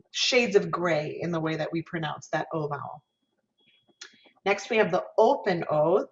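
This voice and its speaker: Woman lecturing on diction, muffled audio. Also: fairly low pitch. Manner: explains patiently, demonstrates vowel sounds and asks questions. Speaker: music education professor.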